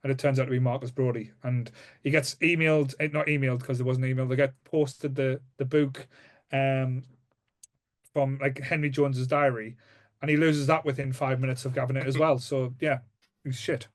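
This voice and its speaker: A man with a Northern English accent rambles through film scenes in casual podcast chat, dropping fillers and jokes as he goes. His voice sits at an ordinary middle pitch. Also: level tone, normal speed. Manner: rambling, jokey, full of fillers. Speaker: podcast co-host.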